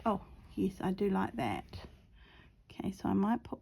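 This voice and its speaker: A woman's voice: mid-range voice, big pitch swings, moderate pace, creaky, dark tone, husky. A middle-aged woman with a New Zealand accent talks her way through a watercolor painting. She rambles from one topic to the next with giggly asides. Some of it is muttered half under her breath. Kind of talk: casual chat while painting.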